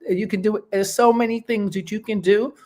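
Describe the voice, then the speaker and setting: A woman's voice: medium pitch, fairly even intonation, fairly quick, a little mellow. Woman host, mid-range voice, casual heartfelt chat, keeps asking "okay?". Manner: chatty, repeats "okay?" and "you know".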